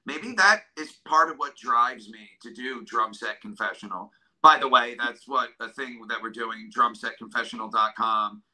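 Earnest, bright-voiced man opening up. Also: mid-range voice, rough recording. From New York State, USA. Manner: earnest, halting, emotional. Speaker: drummer and guest. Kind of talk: emotional interview talk.

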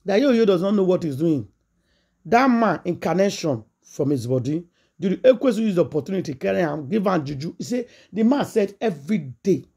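Husky high-voiced Nigerian Pidgin man. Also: fairly quick. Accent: Nigerian Pidgin English. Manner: excited storytelling with repetitions. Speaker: gossip channel host. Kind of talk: casual commentary.

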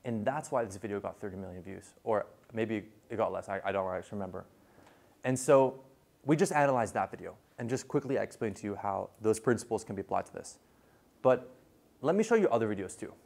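A man lecturing a class in a casual, animated way, full of fillers and quick restarts. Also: on the low side, vocal fry.

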